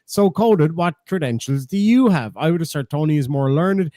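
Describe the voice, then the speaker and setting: A man's voice: fairly high pitch, lively intonation, moderate pace, warm tone, no echo. Sardonic man reading chat. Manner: profane, sardonic, reads donations aloud. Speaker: streamer host reading chat donations. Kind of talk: casual live-stream chat.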